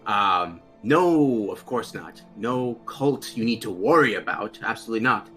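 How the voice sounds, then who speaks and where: A man's voice: fairly low pitch, expressive, a little slow, fairly bright tone, soft background music. A man voicing a shifty, ingratiating male fortress master in a tabletop game, fawning over his guests and hurrying through nervous denials. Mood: flustered. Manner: fawning, then flustered denials.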